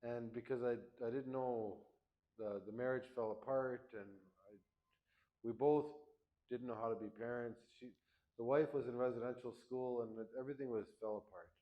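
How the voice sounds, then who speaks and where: A man's voice: medium pitch, fairly even intonation, normal speed, muffled recording. A middle-aged man from Canada, plain-spoken and candid, telling a personal story to an audience. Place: event hall.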